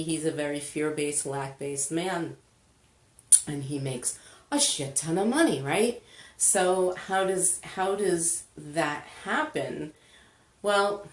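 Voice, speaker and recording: A woman leading a live money-clearing session, chatty and casual, greeting viewers as she goes. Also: sits low. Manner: chatty, slow, greets viewers, laughs often. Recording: echoey room.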